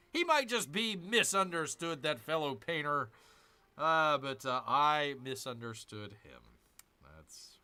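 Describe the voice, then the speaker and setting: A man's voice: on the high side, pushed and bright. A man hosting a casual strategy game session, joking, grumbling and putting on mock growls. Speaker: gaming channel host.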